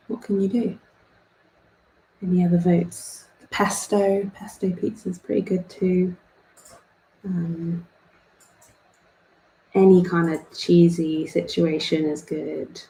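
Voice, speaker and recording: A woman's voice: lowish voice, little pitch movement, slow pace, creaky, pauses often, warm tone. A young woman hosting an art club, chatting casually while she draws and joking at her own expense. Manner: rambling and self-deprecating, laughs at herself. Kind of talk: chatty drawing tutorial. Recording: echoey room.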